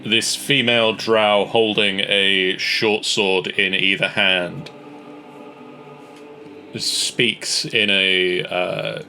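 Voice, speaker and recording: A man narrating a tabletop game as game master, slow and halting, with long pauses. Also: on the low side, little pitch movement, pushed and bright, faint music behind.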